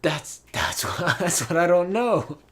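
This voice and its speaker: This young male podcast host has a high-sitting, fairly bright voice and is very animated, though he takes his time. He's a laid-back storyteller in casual chat, rambling with plenty of ums, fillers and restarts, recorded over a voice call.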